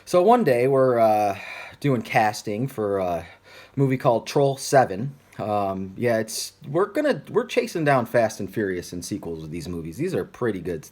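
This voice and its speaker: A man's voice: on the low side, very animated, moderate pace, darkish tone. A man telling a comic story in a rambling, digressive way, full of asides. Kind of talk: stand-up style comic monologue.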